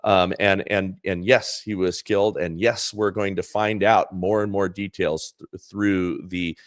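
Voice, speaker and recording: A man's voice: low-pitched, steady tone, a little slow, dry recording, studio quality. A man co-hosting a casual political chat, rambling with many fillers and restarts. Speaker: co-host.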